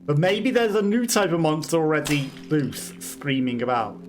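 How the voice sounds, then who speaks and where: A man's voice: fairly high pitch, sing-song, normal speed. Man musing through a game, music behind. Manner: chatty, musing aloud, chuckling. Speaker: let's play host. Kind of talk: casual gameplay commentary.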